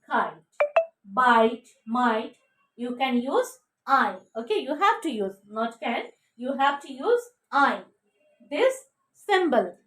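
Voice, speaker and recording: A woman teaching pronunciation, drilling words slowly, spelling out letters and checking with "okay?" between them. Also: high-pitched, fairly bright tone, distant mic. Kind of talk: slow drilled pronunciation lesson. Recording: echoey room, a bit off mic.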